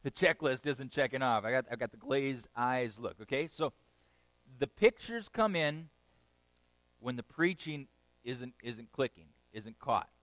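Male pastor, sermon; dry close sound, lively delivery that swings from loud to hushed. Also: a little slow, no echo, low-quality recording. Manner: animated, swings between loud emphatic peaks and quiet low passages; conversational, checks in with "okay?".

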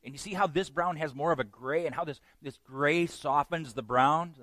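Her voice comes out a touch raised and careful as a man puts on a patient wife going through paint shades step by step. The voice is lifted slightly above his usual speaking pitch, but it stays close to his own everyday sound. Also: normal speed, fairly bright tone, no room sound. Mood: explaining.

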